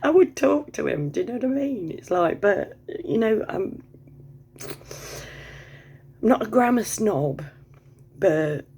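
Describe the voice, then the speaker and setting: A woman's voice: medium pitch, lively intonation, takes it slowly, gravelly, long pauses, warm tone, breathy edge. A woman vlogging in a casual, rambling monologue, swearing freely, digressing, and laughing often.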